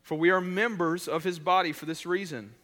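A man preaching a sermon in a casual, conversational way, with many restarts, swinging between loud emphasis and quiet, intimate stretches. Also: sits high, steady tone, brisk, big-room sound. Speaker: pastor.

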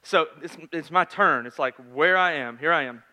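A man in his thirties preaching a sermon in a conversational storytelling manner, swinging between loud and hushed. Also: a little high, moderate pace. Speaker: pastor.

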